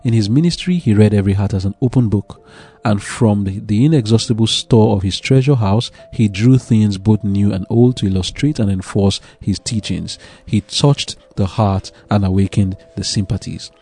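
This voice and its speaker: Mellow, husky man teaching scripture. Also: lowish voice, moderate pace. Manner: explains scripture plainly, asks rhetorical questions. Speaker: preacher. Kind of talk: devotional Bible teaching.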